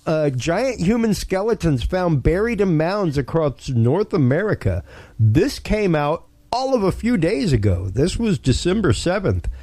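A male podcast host talks at an unhurried pace, enthusiastic and casual, with lots of ums and repeated words. His voice is warm and mellow, and it sits dry and close to the mic. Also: on the high side, very animated, no room sound.

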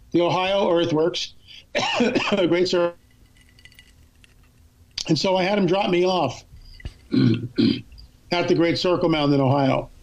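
A woman guest telling a long personal story in a casual, animated way, acting out what other people said to her. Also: lowish voice. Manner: animated, acts out both sides of a remembered phone call. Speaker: podcast guest.

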